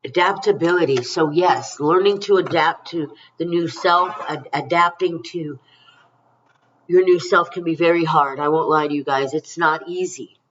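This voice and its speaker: Middle-aged woman psychic, affectionate and rambling, dull slightly distant audio. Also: deep voice. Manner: rambling, emphatic and affectionate, calls listeners honey and you guys. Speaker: psychic card reader. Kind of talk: spiritual card reading to camera.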